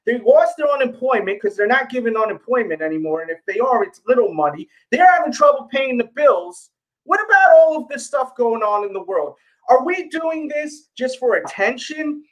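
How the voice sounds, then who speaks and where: A middle-aged man with a New York accent, hosting a casual livestream, talking straight to viewers and repeating himself as he pleads his point. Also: extremely high pitch. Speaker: sneaker channel host.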